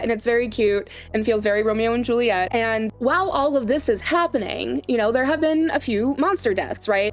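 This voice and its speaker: Woman doing a chatty show recap, kinda high voice, rambly asides, soft music in the back. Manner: chatty and digressive, with rhetorical questions. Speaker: show host recapping a series.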